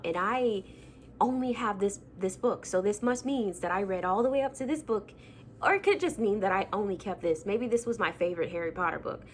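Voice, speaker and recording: A woman's voice: mid-range voice, a little hiss or hum. A young woman vlogging casually about her childhood books, chatty and self-mocking with lots of fillers. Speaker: book vlogger. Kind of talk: casual chat.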